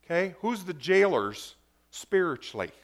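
A man's voice: high voice, very animated, measured pace. A man preaching a sermon to a congregation, reading scripture aloud and breaking off to explain it in a conversational way, often asking the audience questions.

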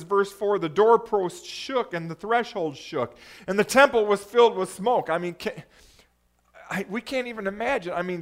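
A man preaching a sermon, reading scripture emphatically and calling to the audience for responses. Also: high-pitched. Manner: emphatic, rises to loud exclamations when reading scripture.

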